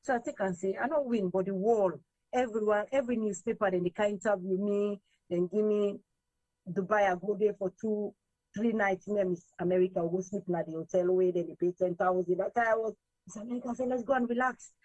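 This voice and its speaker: A Sierra Leonean woman, a singer appearing as an interview guest, tells a lively, animated story, quoting others in raised voices and slipping between English and Krio. Her voice is mid-range and a little fast, on a dry recording with the highs cut off.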